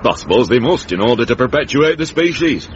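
A man's voice: mid-range voice, very animated, fairly quick, natural voice. A wry, grumbling old uncle from the north of England, played by a man in a radio comedy. His Northern English accent carries a mock-pompous swagger. The sound is muffled like an old radio broadcast, with a faint hiss behind it. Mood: reminiscing. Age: older. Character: grumpy old northern uncle, beer-loving.

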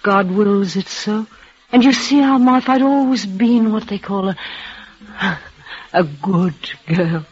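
An actress playing a frail, devoted young woman near death, speaking in a halting, breathless, emotional way in a 1940s radio play. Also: mid-range voice, darkish tone, husky. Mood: resigned. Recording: muffled old radio broadcast.

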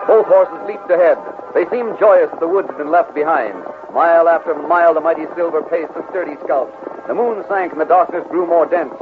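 A man narrates in a vivid, dramatic storytelling manner with a slightly high voice. His words come through the tinny, thin sound of an old radio broadcast, with clear music playing behind him. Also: brisk.

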